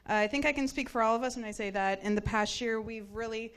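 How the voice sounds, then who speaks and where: Young woman giving a heartfelt, smooth graduation speech. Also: fairly high pitch, fast. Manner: warm, heartfelt, grateful. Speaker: graduating student speaker.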